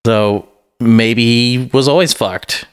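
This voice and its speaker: A man talking through a movie review in loose, rambling conversation, dropping casual swears and poking fun at himself. His voice sits at an ordinary middle pitch for a man, unpolished and conversational. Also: slow pace, clean tone. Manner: rambling, swears freely, self-deprecating. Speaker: podcast co-host. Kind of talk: casual chat.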